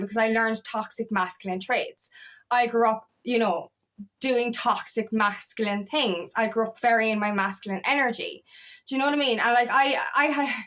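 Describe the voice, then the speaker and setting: Higher-pitched woman coaching bluntly. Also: fairly bright tone. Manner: raw, swearing, rambling and confessional with many restarts. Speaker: feminine empowerment coach. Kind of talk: candid motivational monologue.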